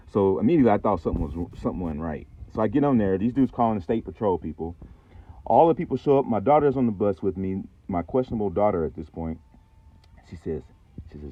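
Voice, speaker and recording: Low-voiced man rambling through a story. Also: big pitch swings, fast, slightly rough. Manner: rambling, profane, conspiratorial. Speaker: channel host. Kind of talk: casual storytelling vlog. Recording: tinny phone-like sound.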